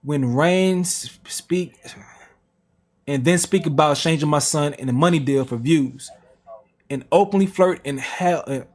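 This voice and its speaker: A man's voice: a little high, unhurried, darkish tone. A man reading text messages aloud on a reaction stream, with slangy asides. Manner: plain reading broken by slang asides and laughs.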